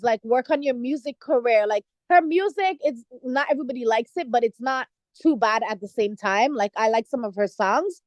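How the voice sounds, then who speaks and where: A woman's voice: sits high, no room sound, muffled recording. A young woman hosting a podcast, chatting casually and animatedly about a reality show, full of "like" and "you know" fillers. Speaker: podcast host.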